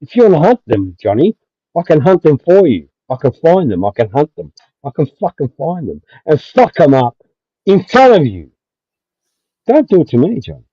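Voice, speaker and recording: A livestream host with a slightly high, warm, somewhat rough voice rants at a moderate pace with big pitch swings. He's aggressive and heated, swearing repeatedly and going in circles, in dull, dry lo-fi stream audio.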